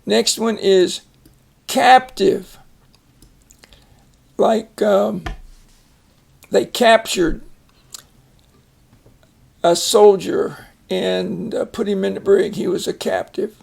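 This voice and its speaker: Older man, phonics teacher, slow delivery, very gravelly voice, patient explanations. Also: high-pitched, fairly even intonation. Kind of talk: casual reading lesson.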